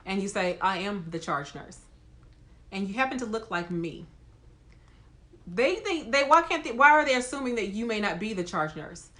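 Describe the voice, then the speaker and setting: A woman who works as a nurse, talking straight to her viewers in an emphatic, lively way. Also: a little high, moderate pace. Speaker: nurse and video host. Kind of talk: casual talk to camera.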